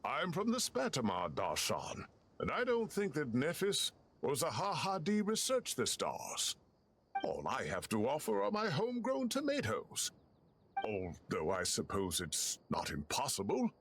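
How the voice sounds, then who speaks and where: A man's voice: mid-range voice, huge pitch swings, a little slow, a bit bright, a little hiss or hum, exaggerated voice. An actor playing a fussy older male professor with a theatrical, lecturing way of talking. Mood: genial.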